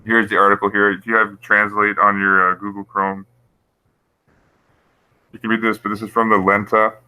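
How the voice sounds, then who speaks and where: A man's voice: on the low side, little pitch movement, normal speed, pushed and bright, clear, resonant tone, no echo, rough recording. A man hosting a casual livestream, rambling through conspiracy commentary with frequent chuckles while reading his chat. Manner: rambling, conspiratorial, laughs at his own points. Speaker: YouTube channel host.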